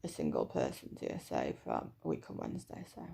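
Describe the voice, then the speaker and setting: A woman's voice: very deep voice, huge pitch swings, a little fast, gravelly, dark tone. A woman in her thirties giving a chatty, hesitant personal vlog update with lots of fillers. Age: 30s. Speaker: vlogger.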